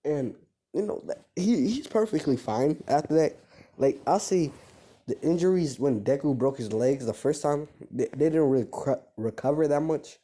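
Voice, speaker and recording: A man improvising a fan-fiction story out loud, rambling and correcting himself, in slangy casual speech. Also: on the high side, normal speed.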